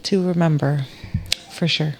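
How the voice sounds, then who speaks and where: A woman's voice: low voice, fairly even intonation, a little slow, faint music behind, low-quality recording. A woman co-hosting a casual podcast, answering in a laid-back, teasing way with frequent laughs. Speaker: podcast co-host.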